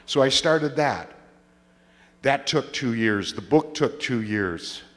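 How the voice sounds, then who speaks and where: A man's voice: medium pitch, expressive, slow pace, a bit bright. A man giving a testimony talk, telling his story with comic timing and acting out the voices of the people he quotes. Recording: long reverb of a large hall.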